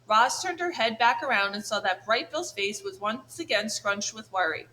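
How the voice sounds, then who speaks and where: A woman narrating a children's audiobook in a clear, measured way. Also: mid-range voice, animated, pushed and bright, slight background noise, poor audio.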